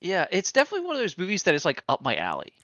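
Animated, excitable podcast co-host. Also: mid-range voice, very fast, dry recording, dull audio. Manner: enthusiastic, swearing, animated retellings. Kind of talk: casual film discussion.

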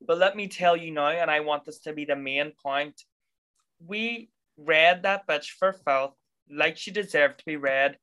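Bright-voiced, sassy man chatting. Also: a little high, a little slow, smooth. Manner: expressive and sassy, with playful swearing. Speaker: podcast co-host. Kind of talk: casual film review chat.

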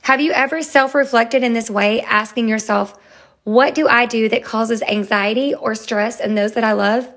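Chatty woman podcaster, gravelly edge. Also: on the high side, normal speed. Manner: chatty and expressive, bursts into loud acted quotes. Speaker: podcast host. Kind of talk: casual solo podcast talk.

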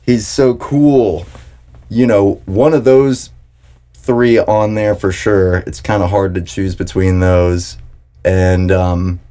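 A young man from South Carolina hosting a podcast in relaxed casual chat, rambling and saying "dude" and "like" a lot. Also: deep voice, slow pace. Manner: laid-back, rambling, heavy on "dude" and "like". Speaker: podcast host.

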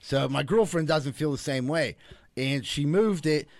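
A man hosts a casual podcast and tells a wry story about home life in a relaxed tone. His voice sits a little high and is recorded close and dry. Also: measured pace, no echo. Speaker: podcast host.

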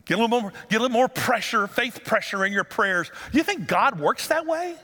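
A man preaching a lively sermon, his fairly high voice bright and ringing. He keeps throwing rhetorical questions at the congregation. The sound trails off into the long reverb of a church sanctuary. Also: a little fast. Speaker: pastor.

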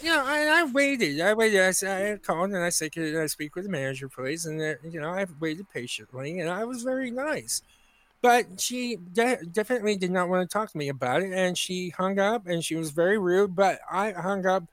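A man co-hosting a comedy podcast, telling an indignant story in an animated way and acting out the people in it. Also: high-pitched, moderate pace, no room sound. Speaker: podcast co-host. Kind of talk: casual comedic chat.

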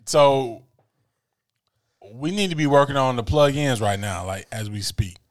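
A man's voice: medium pitch, measured pace. A man co-hosting a casual chat, telling stories with slang and frequent laughter. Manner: animated, laughing, slangy storytelling. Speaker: podcast co-host. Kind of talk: casual chat about sneakers.

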